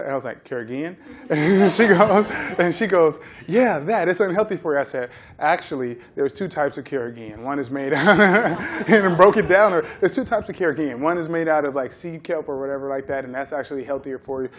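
A man in his thirties giving a talk, telling a lively story and acting out the people in it. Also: on the high side, slight background noise. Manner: animated storyteller acting out quotes. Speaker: guest speaker.

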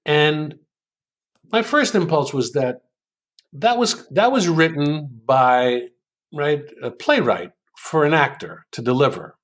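This older American man, an author and writing coach, has a slightly high voice and speaks slowly but with animation. In a conversational interview he walks through examples, thoughtful and hesitant, with lots of ums, and lingers over the lines he quotes.

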